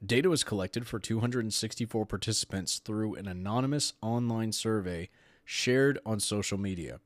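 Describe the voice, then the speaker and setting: A man's voice: fairly low pitch, normal speed, no echo. Sarcastic man hosting a podcast. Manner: sarcastic, opinionated, laughs while reading aloud. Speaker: podcast host. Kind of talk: casual podcast commentary.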